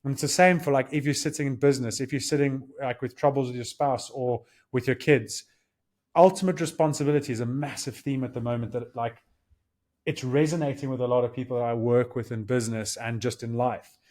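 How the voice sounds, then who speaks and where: A man in his thirties talks through ideas on a podcast in an earnest, coaching way. He slips into little quoted exchanges as he explains. His voice sits at an ordinary middle pitch. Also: fairly even intonation, a little fast, a little mellow. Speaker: podcast co-host. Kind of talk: casual podcast chat.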